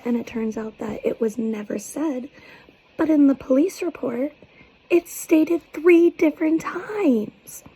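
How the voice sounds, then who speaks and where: A woman in her twenties talking to camera in a personal video, speaking softly with a halting, near-whispered delivery. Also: on the high side, creaky, breathy edge, low-quality recording. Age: 20s. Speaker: vlogger seeking advice.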